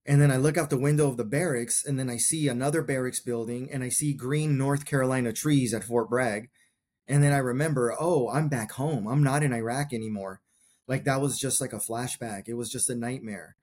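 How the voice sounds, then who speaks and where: Guest: man in his forties, earnest veteran, mid-pitched, reflective storytelling. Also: steady tone, a little fast, darkish tone. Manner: earnest, reflective, talks in short plain clauses. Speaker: podcast guest, combat veteran. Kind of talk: personal storytelling in a conversation.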